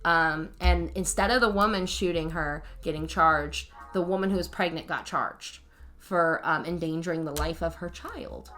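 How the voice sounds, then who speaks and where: Her deep, slightly bright voice moves at an ordinary speed as she rants. She's a special needs teacher co-hosting a casual podcast, and she's blunt and cusses without holding back.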